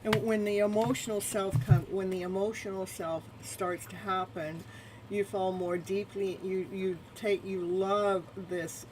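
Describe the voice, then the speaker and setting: A woman's voice: mid-range voice, steady tone, unhurried. Woman tarot reader on a noisy stream. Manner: repetitive, soothing spiritual phrasing; laughs often and chats with viewers. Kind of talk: live-streamed tarot reading.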